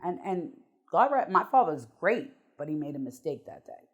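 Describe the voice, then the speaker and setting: A woman's voice: deep voice, very animated, normal speed, husky, highs cut off. A middle-aged woman, a guest on an interview show, telling her life story bluntly and emotionally, with some swearing.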